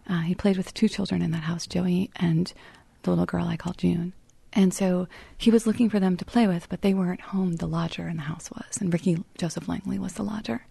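A woman author being interviewed, telling a legal story in a thoughtful, measured way, sometimes dropping her voice very low. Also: gravelly, husky, dry recording. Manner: thoughtful, storytelling, drops to soft near-whisper at grim points. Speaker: author and writing teacher. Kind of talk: interview guest explaining.

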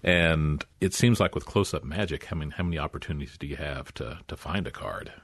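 A man hosting an interview, asking curious, measured questions with easy amusement. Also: very deep voice, a bit bright, breathy edge, no room sound. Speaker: interviewer host.

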